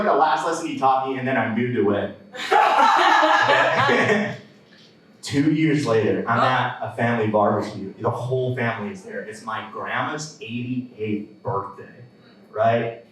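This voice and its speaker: A man's voice: mid-range voice, a bit bright, very echoey, recorded from a distance, slight background noise, low-quality recording. A young man doing a live stand-up set, telling stories in a casual way with lots of fillers and laughs. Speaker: stand-up comedian. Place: comedy club stage.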